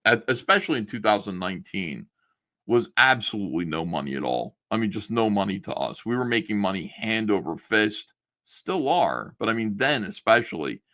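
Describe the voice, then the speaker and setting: A man's voice: on the low side, big pitch swings, normal speed, pushed and bright. A man casually reading old messages aloud on a stream and mocking them with a sarcastic, laughing manner. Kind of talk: casual commentary on a live stream.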